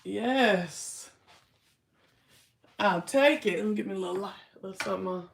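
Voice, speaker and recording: A woman in her thirties chats casually on a livestream, laughing, tossing in asides, and talking back to viewers' comments. Her gravelly voice is medium in pitch at a normal speed, she pauses often, and the echoey room carries a little hiss or hum.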